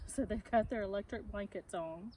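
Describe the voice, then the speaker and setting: A woman reading a children's picture book aloud, unhurried, pausing to ask the listener questions, recorded from a distance with faint noise behind. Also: mid-range voice, dark tone. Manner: unhurried, asks the listener questions between pages. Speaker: reader.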